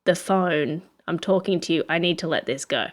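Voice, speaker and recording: A woman's voice: fairly low pitch, moderate pace. A woman with an Australian accent, co-hosting a podcast and telling stories in a chatty way with frequent laughs. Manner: chatty storyteller, laughs often. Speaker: podcast co-host. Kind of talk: casual chat.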